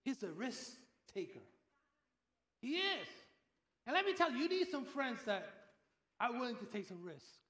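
Animated high-voiced older preacher. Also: male voice, reverberant. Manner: animated storyteller, acts out quoted voices. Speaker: pastor. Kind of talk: sermon.

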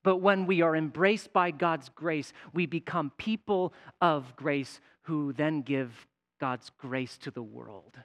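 A man preaching a sermon, animated, rising to a shout at points. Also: a little high, slow. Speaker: pastor.

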